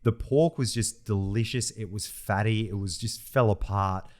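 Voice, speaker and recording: A man's voice: lowish voice, normal speed. A young man co-hosting a casual podcast chat, laughing often as he talks. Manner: laughs often, animated, says "mate" a lot. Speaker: podcast co-host.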